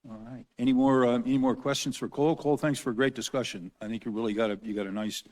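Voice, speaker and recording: A man chairing a city council meeting, speaking haltingly and often repeating words as he thinks. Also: medium pitch, fairly even intonation, darkish tone. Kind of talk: formal meeting talk. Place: council chamber.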